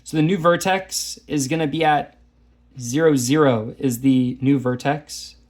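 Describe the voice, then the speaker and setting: A man talks students through math problems on the board, chatty and a little self-mocking. His voice sits somewhat high for a man. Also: steady tone, measured pace, a little mellow. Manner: chatty, self-deprecating, talks while drawing graphs. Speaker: math teacher. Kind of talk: casual lesson walkthrough.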